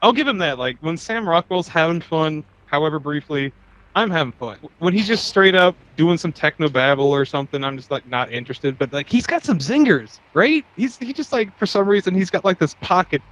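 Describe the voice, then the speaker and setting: A man's voice: fairly high pitch, expressive, brisk, fairly bright tone, poor audio. A man co-hosting a podcast, chatting casually and profanely about a movie and acting out bits in put-on voices. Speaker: podcast co-host. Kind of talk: casual movie-review chat.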